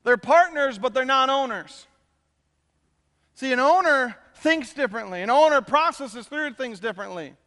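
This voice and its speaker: A man, a pastor, giving a conversational and animated sermon to his congregation. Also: extremely high pitch, in a large hall. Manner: conversational, animated preaching with quick asides. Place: church sanctuary.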